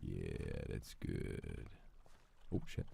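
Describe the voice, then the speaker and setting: A man's voice: rumbling low, steady tone, extremely slow, gravelly, mellow, slight background noise. A male streamer chatting casually during a game, playful and flirty as he thanks donors. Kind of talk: casual gaming stream chat.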